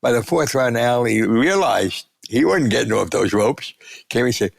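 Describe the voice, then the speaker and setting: A man in his nineties, a guest sportswriter, telling animated anecdotes and acting out the voices of people he quotes. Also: medium pitch, normal speed, gravelly. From United States. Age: 90s. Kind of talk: storytelling interview.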